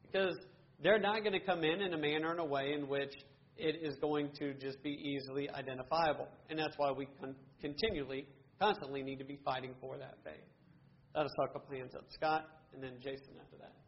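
A man's voice: a little high, fairly even intonation, a little fast, lo-fi sound, slight background noise. A man teaching a Bible study class, earnestly asking questions and answering them himself, with frequent restarts.

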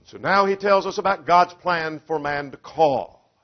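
A man's voice: on the high side, unhurried. A man preaching an expository sermon, emphatic and driven by rhetorical questions, acting out the quoted voices. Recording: dull lo-fi sound.

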